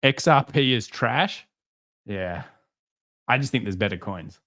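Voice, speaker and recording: A man hosting a live market stream, reading viewer comments and answering them with sarcastic jokes and animated stories. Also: mid-range voice, measured pace. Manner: sarcastic, joking, animated storytelling.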